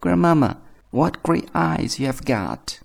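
A sweet, trusting little girl from a bedtime story, as a man reading aloud puts her on. The voice jumps high and piping, with a bouncy, lively lilt. It sounds like a storybook reading meant for listeners winding down. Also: slow, gravelly, exaggerated voice. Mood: wondering.

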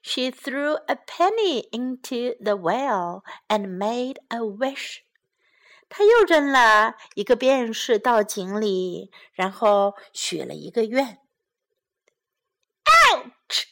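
A woman reading a children's storybook aloud and teaching from it, in a slow, gentle and expressive way. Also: fairly high pitch.

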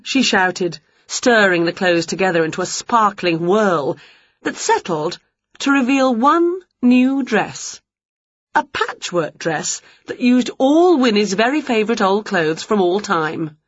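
A woman reading a children's picture book aloud with expressive delivery. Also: mid-range voice, measured pace, slightly rough, dry recording, muffled recording. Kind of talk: storybook read-aloud.

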